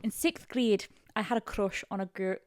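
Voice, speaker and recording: A woman's voice: mid-range voice, normal speed, a little mellow, no echo, natural voice. A woman doing a Scottish accent. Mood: playful. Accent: Scottish, put on. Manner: trips over words, breaks into laughter. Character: woman telling a childhood story in a Scottish accent.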